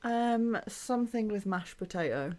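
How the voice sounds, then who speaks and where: A woman's voice: mid-range voice, lively intonation, measured pace, a little mellow. A woman co-hosting a podcast, reacting with short, dry quips. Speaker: podcast co-host. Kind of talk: casual podcast chat.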